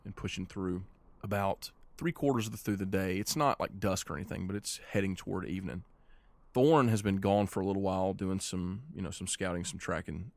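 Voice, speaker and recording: A man narrating a tabletop game podcast as game master, relaxed and rambling. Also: low voice, gravelly, no room sound. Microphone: podcast mic.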